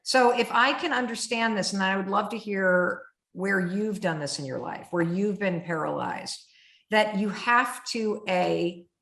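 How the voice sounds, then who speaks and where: Host: middle-aged woman, lively storyteller, mid pitch, recorded in an echoey room. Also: unhurried, vocal fry. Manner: animated, vivid storyteller. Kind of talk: conversational interview. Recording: roomy echo.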